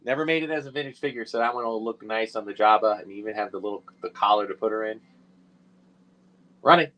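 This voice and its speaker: A man selling collectible figures on a live stream, talking casually to viewers and often correcting himself between quick auction calls. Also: fairly low pitch, pushed and bright. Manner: chatty, self-correcting, quick asides to viewers.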